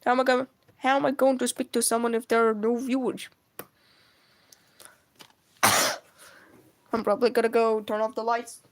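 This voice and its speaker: Rambling woman, higher voice. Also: flat delivery, normal speed, pauses often. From Russia. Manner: rambling, self-correcting, frequent coughs. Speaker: comic artist streaming. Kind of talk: casual live-stream chat while drawing.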